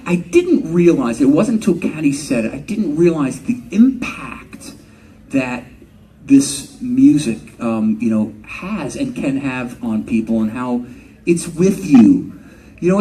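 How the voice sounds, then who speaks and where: Middle-aged guy rambling stories at a con panel, voice swinging all over, kinda far from the mic. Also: on the high side. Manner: animated, joking, laughs often, swears casually. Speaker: singer answering fans at a convention panel. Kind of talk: live fan Q&A storytelling. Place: convention panel room.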